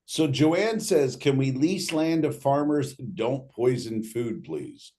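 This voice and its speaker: A man hosts a casual livestream Q&A. He reads viewer questions aloud and jokes loosely between them. His voice sits at an ordinary pitch. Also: lively intonation, slow pace, mellow. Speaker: host reading audience questions.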